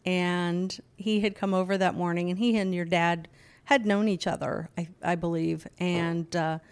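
Middle-aged woman, mother, casual chat, very slow, measured storyteller. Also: on the low side, fairly even intonation, clear, resonant tone. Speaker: guest, host's mother.

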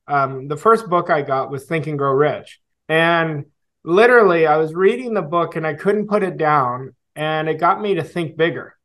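Male guest coach in his forties, slightly high voice, earnest reflective storyteller with pauses and fillers. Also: fairly bright tone. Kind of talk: storytelling interview answer.

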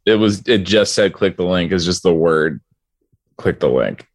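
A laid-back man telling a rambling story to friends in slangy, casual talk. His voice sits a little low and is recorded dry and close. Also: fairly even intonation, normal speed, no room sound. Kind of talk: casual comedic banter.

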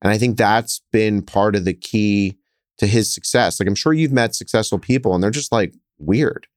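A lower-pitched man in his thirties talks through his business stories on a podcast, animated and quick to act out scenes. His voice is smooth and clear, recorded dry and close. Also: dry recording. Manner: animated, quick storyteller who gets louder acting out scenes. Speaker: hotel investor guest. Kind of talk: conversational interview storytelling.

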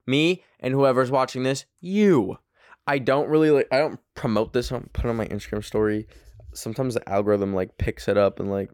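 A young man from Canada chats through his podcast in a rambling, profane way, piling up "like" and "um". His voice sounds smooth and clear, and the recording is dry, with no room echo. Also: medium pitch, a little mellow. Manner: rambling, profane, heavy on fillers. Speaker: podcast host. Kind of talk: casual monologue. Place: small apartment bedroom.

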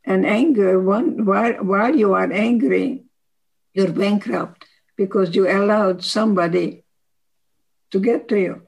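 A woman in her nineties, a psychologist giving advice in an interview, slow and earnest, often acting out quoted dialogue. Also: mid-range voice, steady tone, gravelly, darkish tone, breathy edge, low-quality recording. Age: 90s. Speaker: psychologist guest. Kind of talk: interview answers.

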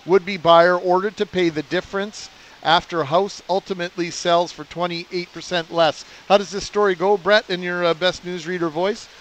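A man's voice: high-pitched, fairly even intonation, moderate pace, fairly bright tone. A man hosting a live radio show, handling segues and reading a news item, on a covered outdoor patio. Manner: smooth segue-driven host patter. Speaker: radio host. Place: outdoor patio under a roof.

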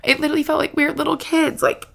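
A woman's voice: sits high, flat delivery, racing, vocal fry, a bit bright. A young woman vlogging about her relationship in a personal, emotional way, close to tears, full of "like" fillers. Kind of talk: personal vlog talk.

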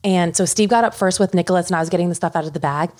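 A woman's voice: on the low side, racing. A young adult woman co-hosting a podcast, telling stories in casual chat and acting out what others said. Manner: animated storytelling, acts out quoted voices. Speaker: podcast co-host.

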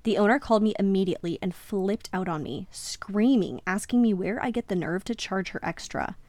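A woman hosting a podcast speaks close to the microphone in a dry, dead room, at a mid-range pitch for a woman. She reads a listener's story aloud, then breaks into lively, emphatic reactions. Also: brisk, no echo. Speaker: podcast host.

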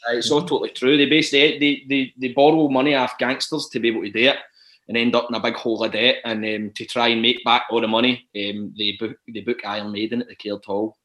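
A man's voice: medium pitch, little pitch movement, quick pace, pushed and bright. A Scottish man chatting casually as a guest, with frequent restarts and fillers. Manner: hesitant, lots of restarts and "do you know what I mean". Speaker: guest actor. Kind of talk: casual podcast chat.

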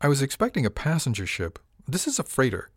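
A man's voice: medium pitch, wildly swooping pitch, fast, no room sound, clean studio sound, voice pushed up. A man voicing a pompous, indignant male passenger in a fine suit, haughty and complaining, in an audiobook reading.

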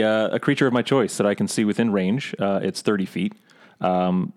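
A man's voice: lowish voice, a little mellow. A man playing a tabletop game, joking and reading spell rules aloud. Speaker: player. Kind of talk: casual tabletop game play.

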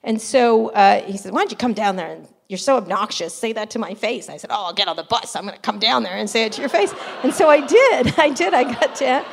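Animated woman telling stories with laughs. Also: on the high side, a little fast, creaky, hardly any pauses. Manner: animated, laughing asides, acts out quotes. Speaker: interview guest, journalist. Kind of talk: casual storytelling interview.

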